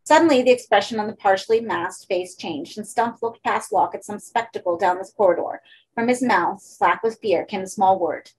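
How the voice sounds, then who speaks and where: A woman narrating a horror story for an audiobook in a steady, measured way. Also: medium pitch, a little hiss or hum, rough recording.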